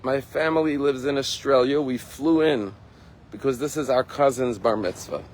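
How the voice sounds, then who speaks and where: A man's voice: medium pitch, moderate pace, close to an everyday voice. A man voicing a sad, eager young orphan boy within a sermon story.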